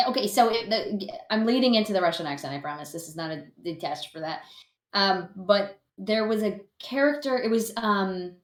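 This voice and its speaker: A woman guesting on a podcast in casual chat, chatty and quick to laugh. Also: lowish voice, fairly bright tone. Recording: echoey room.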